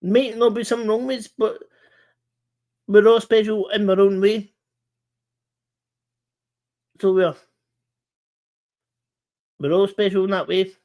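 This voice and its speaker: A man hosting a casual live-stream chat, talking earnestly in halting bursts with many restarts and repeated words. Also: high voice, steady tone, a little mellow.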